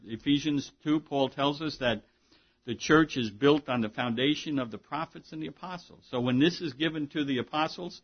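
A man's voice: medium pitch, slightly rough, dull audio. A man preaching a sermon, with an emphatic, conversational delivery full of asides and rhetorical questions. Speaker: pastor.

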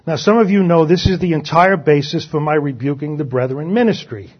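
A male pastor preaching a sermon, reading scripture aloud with lively emphasis. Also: a little high, fairly quick. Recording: dull lo-fi sound.

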